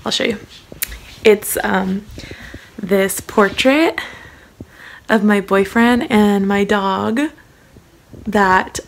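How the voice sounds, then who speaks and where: A woman's voice: mid-range voice, vocal fry. A tired young woman chatting casually in a home vlog, rambling with lots of fillers and trailing off. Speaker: vlogger.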